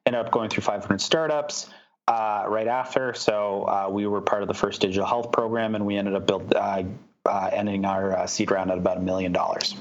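A man's voice: on the low side, steady tone, a little fast, dull audio, slight background noise. A man answering interview questions as a startup founder, talking with many fillers and restarts.

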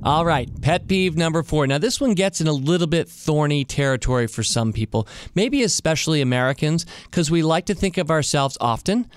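A man hosting a podcast alone. He talks casually and thinks out loud, and he asks many rhetorical questions. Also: fairly high pitch, animated, fairly quick, few pauses, a little hiss or hum. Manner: reflective, full of rhetorical questions. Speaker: podcast host. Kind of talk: casual solo monologue.

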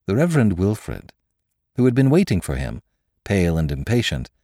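Expressive male audiobook narrator, dry sound. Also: sits low, no room sound. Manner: measured, expressive storytelling. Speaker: podcast narrator.

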